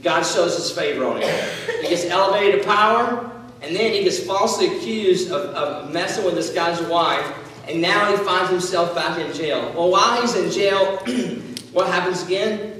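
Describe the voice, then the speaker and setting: A man's voice: high-pitched, moderate pace, fairly bright tone, slight background noise. A man preaching to a youth group, retelling a story in a joking, slangy way and acting out its people. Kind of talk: casual youth sermon. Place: large echoey hall. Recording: echoey hall from far off.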